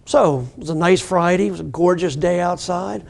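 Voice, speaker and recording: Middle aged guy, pretty high voice w some gravel, telling a recovery story in a lesson, does the voices of people in it. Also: moderate pace, a little mellow. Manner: conversational, acts out the people in his stories. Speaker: addiction recovery instructor. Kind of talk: storytelling lecture.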